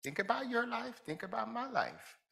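A man's voice: very high-pitched, huge pitch swings, normal speed, creaky, bright, forceful tone. A man from Jamaica, preaching a conversational sermon who asks his listeners reflective questions and chuckles between points.

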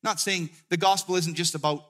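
A middle-aged man, a guest pastor, preaching a sermon as a personal story, stumbling over restarts and dropping his voice low in tender moments. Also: fairly even intonation, brisk. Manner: storytelling, many restarts, drops to a hushed tone in emotional moments.

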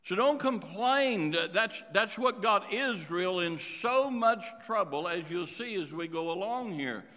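A man preaching a sermon as pastor, swinging between loud emphasis and quiet asides. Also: high voice, expressive, unhurried. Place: church sanctuary. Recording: reverberant church hall.

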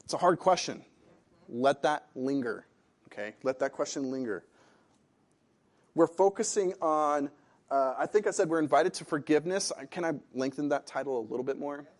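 Animated man preaching a sermon. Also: a little high, moderate pace. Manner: animated, conversational preaching with audience questions. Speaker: pastor.

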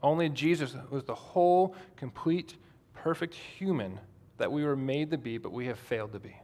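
A man's voice: mid-range voice, normal speed, dark tone. A man preaching a sermon in a conversational way, asking the congregation questions. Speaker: pastor.

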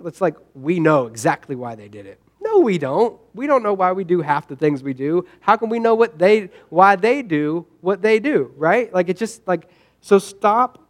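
A man preaching a sermon in a conversational way, often checking in with "right?" and acting out quoted lines. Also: sits high. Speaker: pastor.

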